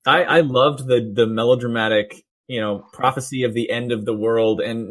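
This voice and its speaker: Man, podcast co-host, excited, laughs easily, plays out lines. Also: mid-range voice, moderate pace. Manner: enthusiastic, laughs readily, plays out quotes. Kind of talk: casual podcast chat.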